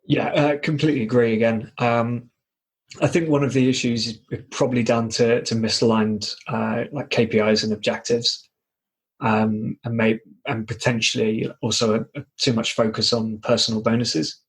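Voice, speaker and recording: A man's voice: mid-range voice, fairly even intonation, normal speed, husky. A man hosting a podcast interview, chatting casually and hedging with many fillers. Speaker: podcast host.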